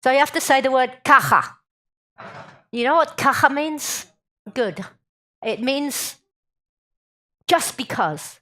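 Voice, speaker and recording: A woman's voice: sits high, very animated, slow pace, long pauses, fairly bright tone. A woman giving a public talk, humorous and drawing the audience in with questions. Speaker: guest speaker.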